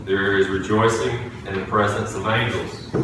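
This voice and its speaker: A man's voice: on the low side, fairly even intonation, moderate pace, noisy background. A man preaching a sermon in a church, telling a personal story earnestly and restarting phrases as he goes. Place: church sanctuary. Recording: echoey room, distant from the mic.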